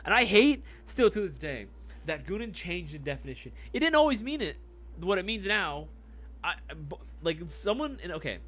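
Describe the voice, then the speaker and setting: Animated young man hosting a live stream. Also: high voice, normal speed. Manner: animated, reacts loudly to chat with exclamations; laid-back, chummy, calls people dog and brother. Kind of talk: casual live stream chat.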